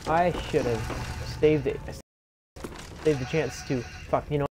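A young man giving live commentary on a game from his own room. He swears constantly and bursts into startled yelling. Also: a little high, fairly even intonation, slow pace, music in the background. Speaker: gameplay commentator.

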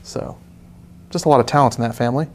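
A man's voice: medium pitch, quick pace, slight background noise. Easygoing man chatting while painting. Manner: relaxed, joking, chatty asides. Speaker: art instructor hosting a live painting stream. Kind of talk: casual live tutorial chat.

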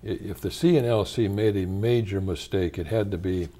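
Older man with a low, mellow voice. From United States. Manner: measured and thoughtful, with frequent pauses and restarts. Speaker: interviewee, retired church leader. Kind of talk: reflective interview answers.

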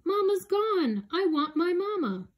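A woman's voice: mid-range voice, big pitch swings, moderate pace, breathy edge. Woman voicing a wide-eyed young calf. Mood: upset. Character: eager young female calf.

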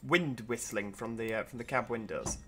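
A man's voice: medium pitch, moderate pace, a bit bright. A tired man, rambling casually in gameplay commentary and making self-deprecating asides. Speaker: train sim video host.

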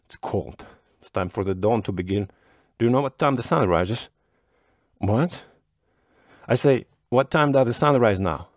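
A man's voice: fairly low pitch, expressive, normal speed, darkish tone, no echo, studio quality. A man voicing a timid, polite young male student in a storybook reading, making earnest small talk.

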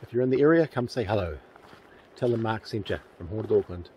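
A man's voice: on the low side, lively intonation, fairly quick, lo-fi sound, slight background noise. A man with a New Zealand accent, vlogging outdoors near a railway tunnel in a chatty, enthusiastic, rambling way, with plenty of fillers. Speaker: paranormal vlogger. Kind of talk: casual outdoor vlog.

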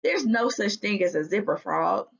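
A woman's voice: medium pitch, expressive, moderate pace, gravelly, husky. A woman reading as a fretful young boy. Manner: worried, protesting. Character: anxious young boy studying frog calls. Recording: dull lo-fi recording.

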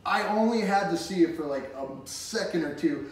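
A man tells his side of a frightening discovery in casual chat, with a fairly high voice and quick laughs between sentences. He sounds a little distant from the mic in a very echoey room with faint noise behind him. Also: animated. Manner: earnest, with quick laughs and acted-out reactions. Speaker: treasure hunter. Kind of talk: casual recap storytelling.

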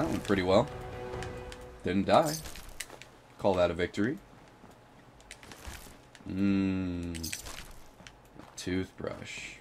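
A man with a sick voice giving casual, excitable commentary over his gameplay, swearing and shrieking high-pitched battle cries. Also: vocal fry. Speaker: gaming video host.

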